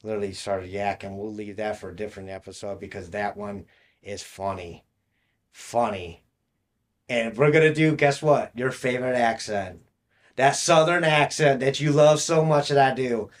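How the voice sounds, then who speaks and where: A young man co-hosting a podcast tells rambling stories in casual conversation, laughing mid-sentence. His voice is lowish and his speed normal.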